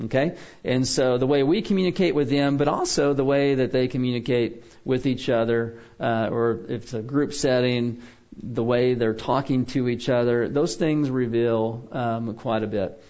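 This biblical counseling teacher lectures in a loose, conversational classroom manner, pausing often to ask "okay?" so his listeners stay with him. He speaks at an ordinary middle pitch with fairly even intonation and a darkish tone, and the recording is dull and lo-fi.

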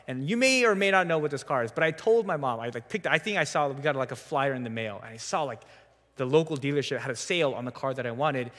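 A young adult man giving a sermon in a church, telling a story in a relaxed, conversational way with self-deprecating humor. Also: medium pitch, big-room sound. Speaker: preacher. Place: church sanctuary.

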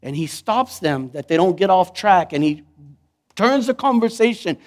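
Man, pastor, high voice, animated conversational sermon, acts out quotes. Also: moderate pace.

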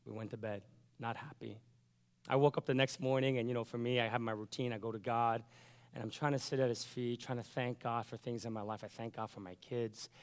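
A man's voice: mid-range voice, steady tone, brisk, in a large hall. A pastor telling a personal story in a sermon, acting out his own thoughts and the lines of others as he goes.

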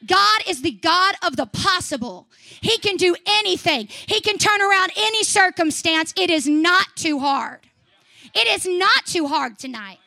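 A young woman preaching a sermon, swinging from fiery shouts to chatty asides. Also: extremely high pitch. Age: young adult.

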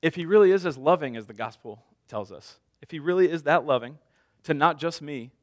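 A man's voice: on the high side, lively intonation, a little fast. A man in his thirties preaching a sermon as a pastor, conversational, telling stories with self-deprecating humor.

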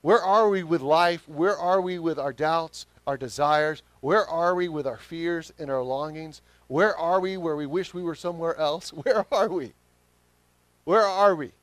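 A man with a Southern accent preaches a sermon, his voice on the higher side for a man. He sways between hushed, reflective passages and loud, rising calls to his listeners. The sound is dry and close, with little room around it. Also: unhurried, no room sound. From Southern United States. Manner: preaching, rising to emphatic calls and dropping low. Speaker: pastor.

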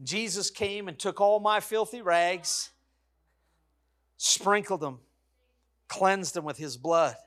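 A middle-aged man preaching a sermon as pastor, in an emphatic, repetitive cadence that swings from loud exclamations to hushed, soft passages. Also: high voice, slow pace, pauses often.

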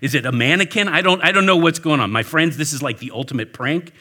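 Pastor guy spinning a story for the congregation, bright forceful voice, a bit high. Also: fast talker. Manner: animated storyteller, talks with the audience. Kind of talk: storytelling sermon. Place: warm indoor church hall with an audience.

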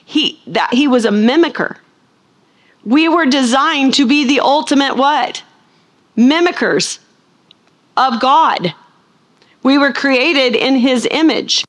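A woman preaching a sermon as a Bible teacher, putting questions to the listeners and answering them herself, slowing down to stress key words. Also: high voice, fairly bright tone.

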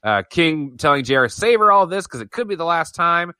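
A man co-hosting a casual wrestling review podcast, animated, trailing off and laughing often. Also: on the high side, fairly quick, smooth, dry recording. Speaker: podcast co-host.

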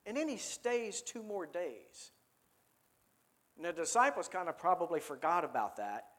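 A man's voice: high voice, sing-song, measured pace, a bit bright. A man preaching a sermon in a conversational way, often asking his listeners questions and repeating words as he thinks aloud.

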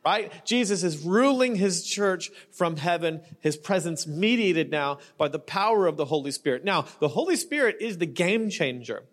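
A man's voice: sits high, animated, moderate pace, hardly any pauses. A middle-aged male pastor preaching in a loose, joking, conversational way, often checking in with the congregation. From not Australian. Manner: conversational, joking, frequent "right?" and "you know". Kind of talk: sermon.

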